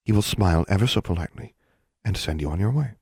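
A man's voice: deep voice, animated, fast talker, husky, no echo, studio quality, exaggerated voice. Man reading as a stern, guarded school dean. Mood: earnest. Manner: quiet, earnest warnings.

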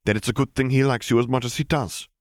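A man's voice: mid-range voice, steady tone, fast talker, no room sound, voice pushed up, natural voice. A man voicing a nervous, fussy middle-aged admiral who speaks formally and anxiously.

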